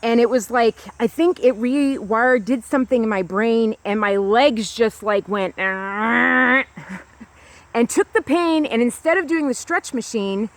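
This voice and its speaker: A woman's voice: fairly high pitch, measured pace, dry recording. A woman talking to a small camera outdoors on a grassy hill, in a rambling casual monologue full of "like" and restarts. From United States. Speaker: vlogger.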